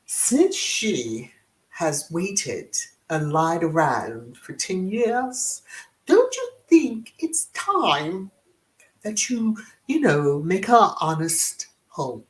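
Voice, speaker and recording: A woman's voice: on the low side, very animated, very slow, heavily acted, poor audio. A woman doing a prim old English queen.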